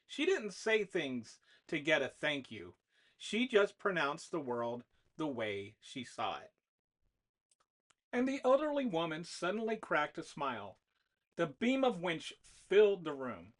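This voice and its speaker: An author reading a whiteboard novella aloud as the narrator, in an expressive manner. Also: medium pitch, measured pace. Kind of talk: storybook narration.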